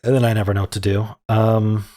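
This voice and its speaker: A man with a fairly low voice talks himself through word puzzles in a soft, meandering way. He hesitates often, trails off into ums, and chuckles quietly at his own guesses. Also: level tone, fast talker. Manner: muttering, hesitant, many ums, self-amused. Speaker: word game streamer. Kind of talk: thinking aloud while solving puzzles.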